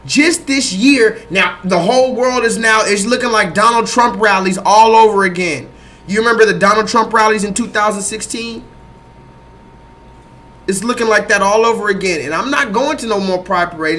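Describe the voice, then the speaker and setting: A man hosting a livestream, talking loosely and profanely to his chat in a rambling, animated way. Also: high voice, moderate pace. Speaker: livestream host. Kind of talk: livestream commentary.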